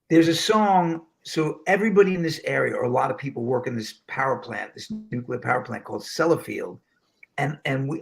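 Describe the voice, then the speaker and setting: Gravelly animated storytelling man. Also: mid-range voice. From New York. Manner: animated storyteller, slips into voices. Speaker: show host. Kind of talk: casual storytelling chat.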